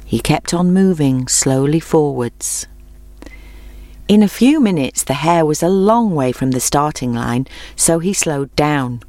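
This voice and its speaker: A woman reading a children's story aloud in a gentle, clear, expressive way. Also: low voice, measured pace, no room sound.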